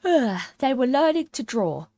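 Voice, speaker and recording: A woman voicing a sleepy, sulky male dormouse with a hoarse, feeble voice in a storybook reading. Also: sits high, sing-song, warm tone, no echo, voice pushed up, exaggerated voice. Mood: drowsy. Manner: slow, drowsy, indignant. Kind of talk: storybook character voice.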